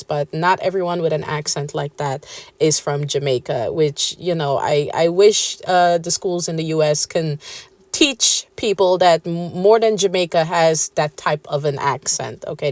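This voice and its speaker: A woman's voice: on the low side, no room sound. A woman with a Guyanese accent, chatting casually to camera about gardening, with many fillers and asides. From Suriname, raised Guyanese. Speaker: gardening vlogger.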